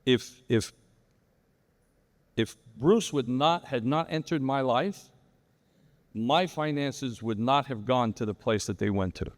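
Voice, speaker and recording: A man on a live real estate panel takes his time, speaking slowly in a medium pitch with long pauses. His long story rambles and restarts frequently, and the big event hall adds reverberation to the audio.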